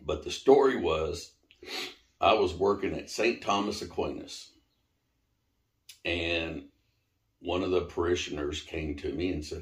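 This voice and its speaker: A middle-aged man, the host's father, telling a personal story in a casual, animated way and swearing now and then. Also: deep voice, unhurried, pauses often. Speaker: interviewee, father of the host. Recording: roomy echo.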